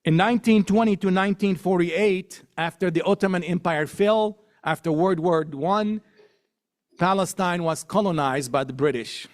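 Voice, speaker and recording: A middle-aged man giving a public talk to an audience, emphatic, building points through repetition and lists, slowing down to stress key words. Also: high-pitched. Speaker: guest speaker.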